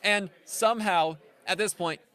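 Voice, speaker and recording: A man with a high, smooth voice speaks a little slowly as he co-hosts a podcast. He casually recaps a film's plot in an animated way, acting out lines from its characters.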